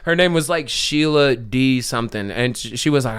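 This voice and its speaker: Dude on a podcast telling a crazy work story, smooth clear voice, keeps cracking up. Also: male voice, mid-range voice, moderate pace. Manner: animated, laughing storyteller who acts out the people in his stories. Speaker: podcast host. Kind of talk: casual storytelling chat.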